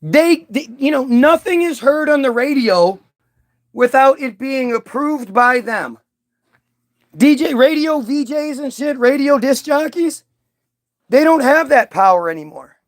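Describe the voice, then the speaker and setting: A man's voice: very high voice, animated, a little slow. Heated, rambling man ranting to camera. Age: adult, old enough to recall early-2000s hits. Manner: profane, heated, frequent restarts and trailing asides. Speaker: video commentator. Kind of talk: rambling off-the-cuff monologue.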